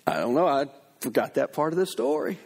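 A male pastor preaches with lively, conversational storytelling and speaks straight to his listeners. His voice sits high for a man. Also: fairly quick, creaky, breathy edge. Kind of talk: sermon.

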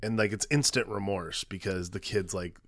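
Middle-aged man, podcast co-host, lowish voice, dry close mic, rambling and frank. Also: fairly even intonation, no room sound. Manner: rambling, halting, frank about parenting. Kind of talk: casual movie discussion.

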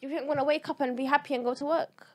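A woman's voice: high voice, racing. A young woman, telling a story in a casual chat among friends and acting out what others said. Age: young adult. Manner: animated, swearing, acting out quotes.

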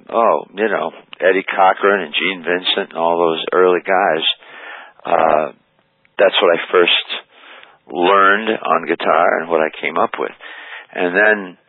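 A man's voice: deep voice, breathy edge, no echo. An older man, a rock musician guest, telling long stories about his career in a rambling way with many fillers, over a tinny phone line. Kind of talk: storytelling interview answers. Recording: dry tinny phone-line radio audio.

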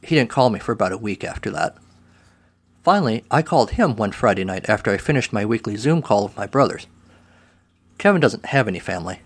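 A man's voice: lowish voice, animated, fairly quick. A man reading a first-person short story aloud in a dry, wry way.

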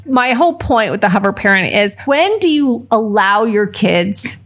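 Fired-up podcast co-host mom, fairly high voice, ranting storyteller. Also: female voice, very animated, normal speed, hardly any pauses. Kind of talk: casual chat.

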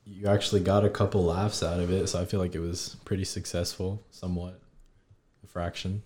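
Quiet man with a very deep, dark voice. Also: little pitch movement, fairly quick, slight background noise. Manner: quiet, supportive back-channel replies. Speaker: podcast guest.

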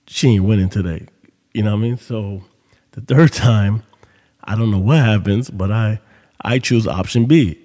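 A man's voice: lowish voice, moderate pace, warm tone, big-room sound. A man hosting a podcast, telling a story in casual monologue with loose, profane street talk. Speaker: podcast host.

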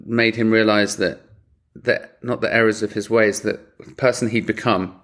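A man co-hosting a podcast in casual chat, animated and emotional, swearing freely. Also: on the low side, moderate pace. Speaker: podcast co-host.

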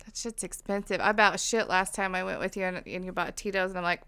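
A woman chatting casually about her brother, blunt with deadpan asides. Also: fairly low pitch, fast talker, heavy background noise. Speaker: co-host's sister. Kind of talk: casual chat.

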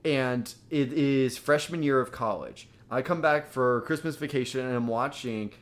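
A man's voice: medium pitch, normal speed. Jonge man, vloekend en kletsend. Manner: rambling, profane storytelling. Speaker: podcast co-host. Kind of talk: casual chat.

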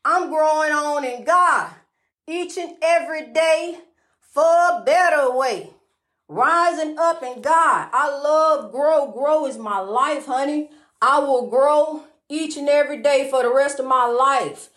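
A woman's voice: sits high, slow pace, fairly bright tone, reverberant. A woman giving a preachy, sing-song motivational monologue, calling the listener honey and repeating rhyming phrases.

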